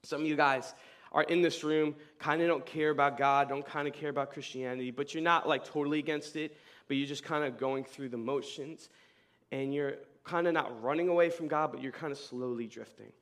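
A young man preaching a casual youth sermon, telling stories in slang with a voice that leaps up high and loud. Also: fairly quick. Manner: animated storyteller, casual slang, voice jumps high and loud in retold scenes. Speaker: youth pastor.

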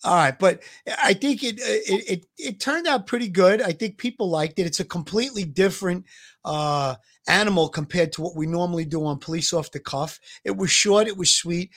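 A man's voice: high-pitched, normal speed, fairly bright tone. A man in his sixties with a Brooklyn accent, an ex-detective co-hosting a podcast, chatting easily and rambling with many fillers. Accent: Brooklyn New York. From Brooklyn, New York. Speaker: podcast co-host, former police detective. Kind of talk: casual podcast chat.

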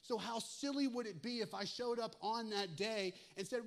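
Guy preaching a sermon, fairly high voice, gets animated and jokey. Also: fast, hardly any pauses. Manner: animated, acts out comic asides in lively bursts. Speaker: pastor.

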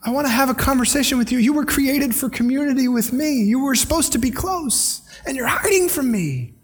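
A man voicing God as a gentle older male figure who asks searching, pleading questions. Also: extremely high pitch, very animated, moderate pace, pitched above the performer's own voice, full character voice.

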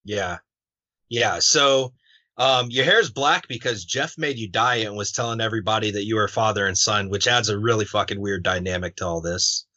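A male podcast host asks his questions casually and bluntly, swearing freely and padding with ums. His voice is bright and edged. The sound is dry and dull, with no room around it. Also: lowish voice, normal speed, dry recording. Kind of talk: casual interview. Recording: dull, muffled dry recording.

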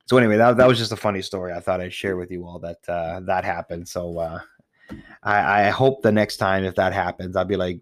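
A man's voice: low-pitched, fairly even intonation, fairly quick. A man hosting a podcast, ranting casually about tipping with lots of swearing and rambling restarts. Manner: profane, exasperated, rambling with restarts. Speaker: podcast host.

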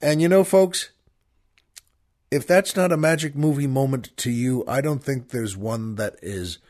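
Male show host: slow-paced, folksy, chatty with listeners. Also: medium pitch, a little mellow. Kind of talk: folksy show talk and poetry reading.

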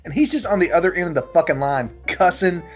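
Lively man recapping a movie. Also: high-pitched, fast, soft background music. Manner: animated storytelling, swears freely. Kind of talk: casual film recap chat.

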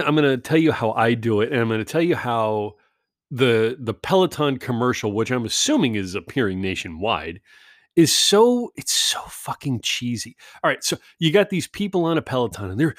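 Animated rambling man ranting. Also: mid-range voice, moderate pace, no echo, studio quality. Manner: rambling, ranting, self-deprecating, swears. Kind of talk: casual rambling monologue.

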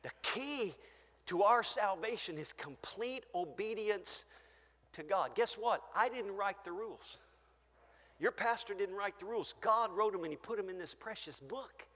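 An older man preaching a fervent sermon as pastor in a church, shouting praise and then dropping to a hush. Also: high-pitched, moderate pace. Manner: shouting, exclaiming hallelujah, swinging between loud and soft. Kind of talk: pentecostal sermon. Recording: church hall reverb.

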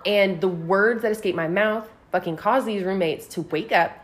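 On a casual podcast, a woman with a mid-range voice recounts a personal story at a moderate pace. Her delivery is animated and profane, full of swearing and heavy use of "like".

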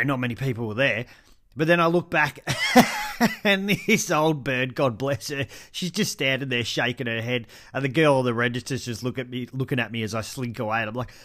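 A man's voice: mid-range voice, fairly bright tone. An Australian man hosting a podcast with a stuffy nose from hay fever, telling stories in a chatty way, laughing often and swearing freely. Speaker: podcast host. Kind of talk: casual solo storytelling.

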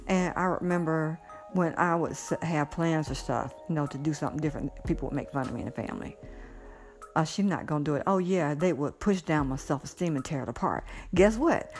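A middle-aged woman in a casual monologue, giddy and blunt, cursing freely and laughing often. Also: fairly low pitch. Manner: giddy, animated, swearing freely, frequent laughter. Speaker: vlogger.

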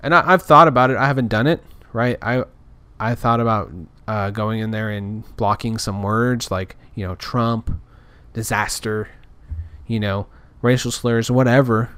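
A man's voice: on the low side, fairly even intonation, a little slow, fairly bright tone, smooth, no room sound. Frustrated rambling man, dry sound. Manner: frustrated, rambling with many restarts. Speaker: podcaster. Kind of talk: casual ranting monologue.

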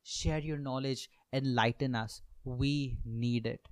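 A man's voice: mid-range voice, fairly even intonation, slow pace, dry recording. A young man hosting a comedy podcast, rambling through a monologue with self-mocking asides and lots of swearing.

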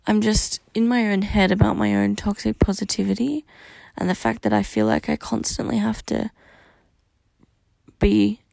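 A young woman hosts a solo podcast, venting candidly and rawly about her feelings and swearing often. Her mid-range voice carries vocal fry and a slightly mellow quality, and the recording is dry.

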